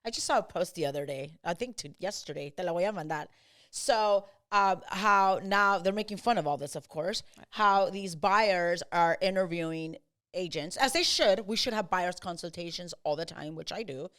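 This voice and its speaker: A woman real estate agent hosting a casual podcast chat, mixing English with Spanish and acting out clients in quick quotes. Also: lowish voice. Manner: switches between English and Spanish; animated, acts out buyers and agents in quotes.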